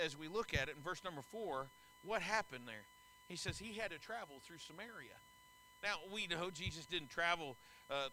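A middle-aged man preaching a sermon, emphatic and animated, with folksy asides and stories. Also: a little high, slight background noise, low-quality recording. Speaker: pastor. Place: church sanctuary.

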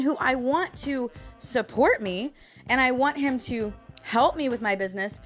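A woman's voice: high-pitched, measured pace, faint music behind. A woman hosting her own audio blog, venting to her listeners in an emphatic, frustrated way and speaking to them directly. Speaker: podcast host. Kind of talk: casual venting monologue.

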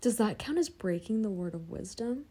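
A woman's voice: medium pitch, lively intonation, normal speed, warm tone, breathy edge. A woman co-hosting a podcast in casual chat, very talkative, often cutting in and saying "like". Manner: talkative, cuts in, says "like" often. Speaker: podcast co-host.

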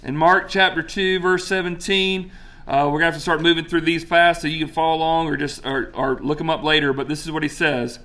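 A man preaching a sermon in a bright, forceful voice that sits a bit high. He talks conversationally, telling the story with quick asides and questions to the room. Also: flat delivery.

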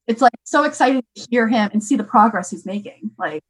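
A young woman talking casually as a parent, chatty and animated with many fillers. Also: a little high, a little fast, husky, rough recording. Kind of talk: casual chat.

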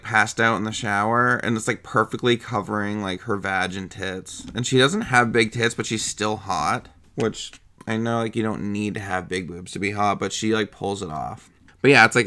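A man's voice: lowish voice, sharp tone, clean tone. A man chatting casually about a movie, rambling and swearing, often laughing and acting out lines in put-on voices. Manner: acts out quotes in put-on voices.

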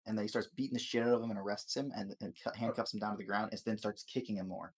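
Man, lowish voice, casual profane recap, rambling, stumbling, laughs often. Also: fairly even intonation, racing, few pauses, breathy edge. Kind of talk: casual chat recapping a TV episode.

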